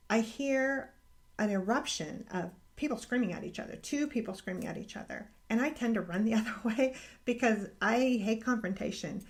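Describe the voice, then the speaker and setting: Earnest woman telling a faith story. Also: mid-range voice. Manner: earnest, emotional, halting with restarts. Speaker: podcast host sharing a personal faith story. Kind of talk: casual personal storytelling.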